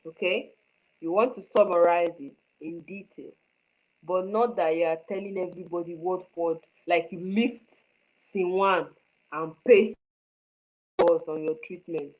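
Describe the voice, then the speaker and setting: A woman leads a screenwriting lesson with an emphatic, repetitive delivery. She keeps asking her students if they follow. Her voice sits a little low for a woman. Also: measured pace, phone-quality sound. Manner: emphatic, repeats points, asks students if they understand. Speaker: screenwriting teacher. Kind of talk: live online class.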